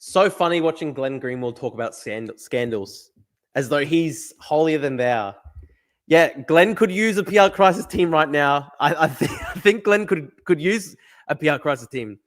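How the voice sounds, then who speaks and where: A man's voice: fairly high pitch, animated, moderate pace. A man hosting a casual podcast, bantering in a laid-back, profane way.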